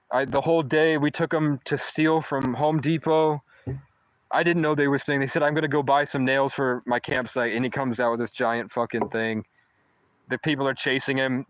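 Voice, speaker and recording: A homeless man casually tells a long first-person story, rambling and swearing with many false starts. His voice is medium in pitch, and the recording is rough.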